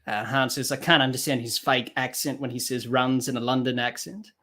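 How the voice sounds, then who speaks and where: A man doing live cricket commentary for a podcast, rising excitedly on the play and dropping quiet to read viewer comments. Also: fairly quick. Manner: lifts pitch and volume for the action, drops low to read comments and chat.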